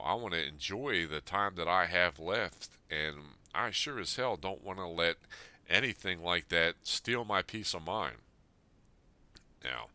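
Man in his fifties with a low voice and a hard, forceful edge. He is earnest and plain-spoken, reading a letter aloud and then reflecting on it. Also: no room sound. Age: 50s. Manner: earnest, plain-spoken, speaking straight to his late father. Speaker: Army veteran sharing a personal letter.

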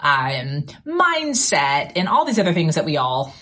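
A woman speaking coach hosts her own podcast, her voice sitting a little on the low side. She talks in a lively, conversational way, leaning hard on key words and tossing in blunt asides. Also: unhurried. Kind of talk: solo podcast coaching talk.

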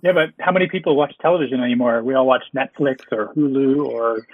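Husky man on a tinny remote line. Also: medium pitch, fast, dry recording. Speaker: panelist. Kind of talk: casual panel discussion.

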